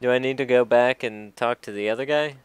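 A man's voice: mid-range voice, brisk, smooth, no room sound. A man hosting a let's play, chatting casually over the game, laughing often and reading the game's dialogue aloud. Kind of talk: casual gameplay commentary.

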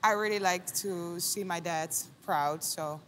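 A woman's voice: lowish voice, measured pace, long reverb tail, a little hiss or hum. A young woman in her twenties with a Dutch accent, a guest athlete chatting casually and saying "like" a lot. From Netherlands. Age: 20s. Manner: relaxed, lots of "like" fillers. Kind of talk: casual chat.

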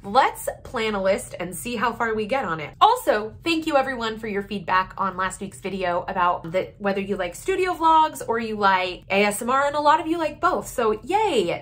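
A woman in her thirties chatting openly and warmly to camera as a vlogger about her small business. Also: mid-range voice. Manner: open and heartfelt, chatty. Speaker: vlogger running a small jewelry shop. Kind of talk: casual chat to camera.

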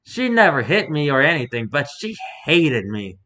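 A man's voice: fairly high pitch, big pitch swings, normal speed, pushed and bright. A man voicing a mocking, talkative male circus performer who rambles theatrically, read from an interview. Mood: sarcastic. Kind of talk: reading an interview aloud in character.

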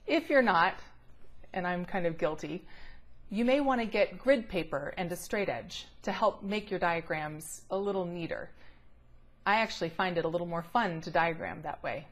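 A middle-aged woman teaching a recorded grammar lesson, explaining patiently and clearly and drawing out the words she stresses. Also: fairly low pitch, moderate pace.

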